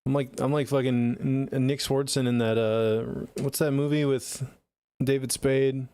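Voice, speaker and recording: A man's voice: mid-range voice, level tone, unhurried, warm tone, smooth. A man streaming music feedback from a home studio closet, talking in a laid-back, rambling and profane way. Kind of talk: casual live-stream chat.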